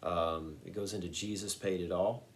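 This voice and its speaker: A man's voice: deep voice, steady tone, normal speed. A man teaching a guitar song note by note, patiently walking through each finger move and sometimes singing a lyric. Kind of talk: step-by-step guitar lesson.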